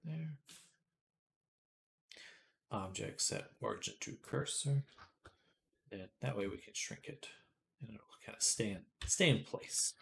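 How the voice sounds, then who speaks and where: A man live-streaming, quietly talking himself through 3D modeling work, sometimes dropping to soft whispered asides and getting chattier and amused when he answers chat. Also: medium pitch, lively intonation, slow, creaky, long pauses. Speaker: livestreamer. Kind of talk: casual live-stream commentary while 3D modeling.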